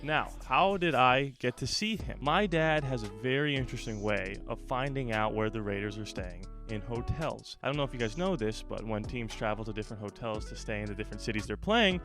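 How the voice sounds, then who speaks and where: A young man, host of a fan channel, telling a personal story in a lively, animated way. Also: on the low side. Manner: animated storyteller, acts out shouted quotes. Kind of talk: storytime vlog.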